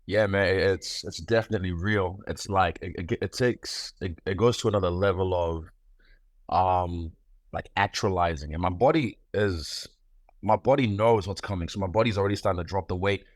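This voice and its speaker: Low-voiced relaxed playful man. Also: moderate pace, no room sound, studio quality. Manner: relaxed, playful, loose slangy talk with frequent restarts. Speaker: guest fighter. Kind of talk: casual interview.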